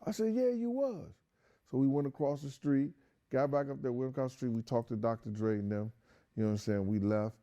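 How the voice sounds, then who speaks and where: A man's voice: medium pitch, flat delivery, fast, dark tone, dull audio. A man casually recounting a long story with slangy street talk, rambling along with many fillers like "you know" and "um". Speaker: guest storyteller.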